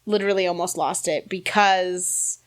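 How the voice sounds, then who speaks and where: A woman in her thirties, podcast co-host, telling a story in a casual, animated way and laughing often. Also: on the low side, moderate pace. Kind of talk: casual chat.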